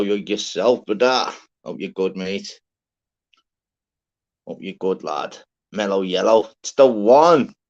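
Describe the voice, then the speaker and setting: A man hosting a live stream, giving rambling, swear-filled shout-outs to listeners in a casual chat. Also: low voice. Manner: chatty, swears freely, rambling. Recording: dull lo-fi sound.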